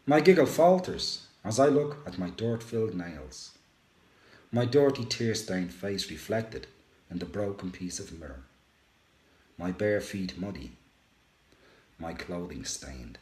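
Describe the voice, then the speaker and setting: A man reads a first-person poem slowly and emotively, his low voice swinging widely between rises and hushed drops. The room around him is roomy and echoey. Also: expressive. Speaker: radio show host.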